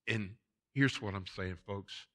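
A man's voice: lowish voice, slow, fairly bright tone. A man preaching a sermon as pastor of a church, repeating his points and calling the congregation folks. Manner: preaching with emphatic repetition, addressing the congregation as folks. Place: church sanctuary.

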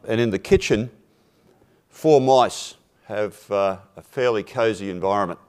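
A man speaking at a forum, telling a simple fable in a measured, deliberate way and dropping his voice for punchlines. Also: on the low side. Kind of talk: storytelling a fable in a talk.

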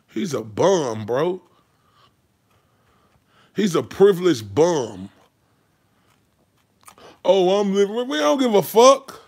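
A man's voice: high-pitched, darkish tone. A man ranting about boxing on his channel, heated and mocking, swearing constantly. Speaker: boxing commentary vlogger. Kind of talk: profane casual rant.

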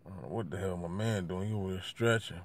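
A man vlogging from a street with a handheld camera, giving slangy running commentary that swings from low mutters to loud jeers. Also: fast. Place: outdoors by a street.

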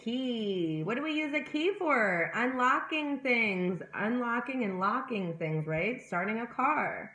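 A woman teaching young children at circle time, speaking slowly and encouragingly as she goes over words one by one. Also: fairly high pitch, animated, sharp tone. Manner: slow, sing-song and encouraging, addressing young children. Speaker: preschool teacher. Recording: roomy echoey home room.

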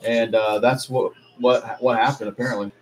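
A man's voice: medium pitch, fairly even intonation, normal speed, noisy background. A man hosting a live card break, casually rattling off player names with chatty asides and mild swearing. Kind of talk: casual live commentary while opening card packs.

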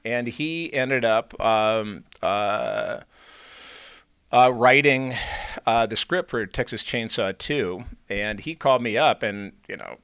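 A man's voice: medium pitch, takes it slowly, a bit bright, clean tone, no echo. A man from Illinois, an actor being interviewed, telling long anecdotes with many fillers and restarts. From Illinois, USA. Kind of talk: casual storytelling in an interview.

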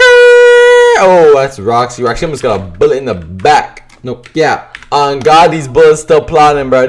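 A young man giving excitable, cursing gameplay commentary as a gaming YouTuber, breaking into shouts and laughter. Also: medium pitch, slight background noise.

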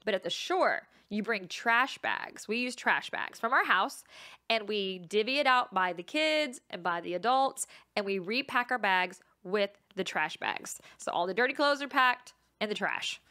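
A woman's voice: medium pitch, animated, measured pace, bright, forceful tone. A woman hosting her own podcast, telling stories in a chatty, self-mocking way and laughing often. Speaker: podcast host. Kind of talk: casual storytelling monologue.

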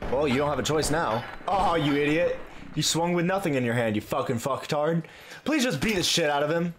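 Lively man swearing through a game. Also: on the high side, a little fast, background noise. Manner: profane, bossy, laughing. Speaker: let's play gamer. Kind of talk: casual gaming commentary.

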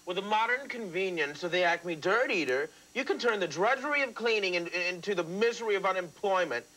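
A man's voice: high-pitched, lively intonation, fairly quick, bright, forceful tone, heavily acted, poor audio. A luckless, rueful salesman. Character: flustered luckless male vacuum salesman. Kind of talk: educational TV sketch.

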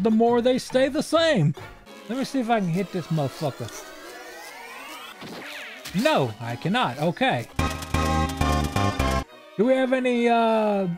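A young man giving let's-play commentary with a sarcastic, profane wit. His voice sits fairly high and swings lively between deadpan lows and excited peaks. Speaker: game streamer.

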